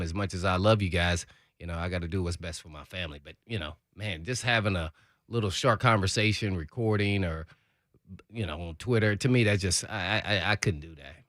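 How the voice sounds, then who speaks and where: A man's voice: low-pitched, a bit bright, dry recording. Radio sports guy rambling thru his take, lots of you knows, dry studio sound. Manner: rambling, filler-heavy, earnest. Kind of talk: casual sports talk.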